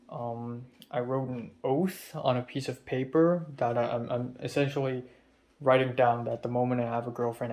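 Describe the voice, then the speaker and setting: A tired young man rambling and swearing in a soft-spoken confessional vlog about his stress. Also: mid-range voice. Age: young adult. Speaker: vlogger. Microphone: phone camera.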